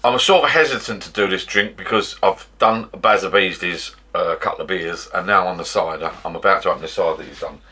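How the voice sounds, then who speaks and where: A man's voice: sits low, a little fast, few pauses, pushed and bright, breathy edge. A middle-aged man from the UK, chatting casually and rambling in a home vlog from his garden bar shed. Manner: rambling and chatty, with frequent restarts. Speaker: vlogger.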